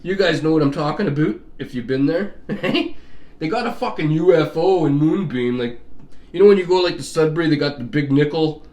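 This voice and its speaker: A man's voice: a little high, a little fast, darkish tone. Profane rambling man. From Canada. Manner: profane, rambling storyteller with frequent laughs. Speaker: vlogger. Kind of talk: casual chat.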